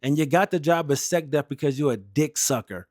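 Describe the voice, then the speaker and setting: A man's voice: on the high side, brisk, darkish tone, no room sound, studio quality. A young American man and Air Force veteran telling stories in a blunt, heated, profane way. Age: young adult. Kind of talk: casual storytelling rant.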